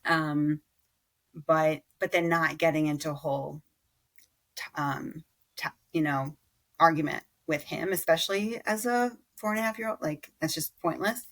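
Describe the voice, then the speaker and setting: A woman in her thirties, a parent guest on a podcast, talking reflectively in a halting, self-correcting way. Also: deep voice, a bit bright. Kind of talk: casual conversational interview.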